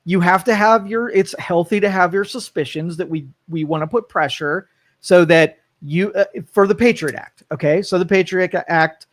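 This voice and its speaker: A man's voice: sits high, normal speed, no room sound. A man co-hosting a live talk show from a studio, rambling and correcting himself as he puts pointed questions. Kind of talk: live talk radio debate.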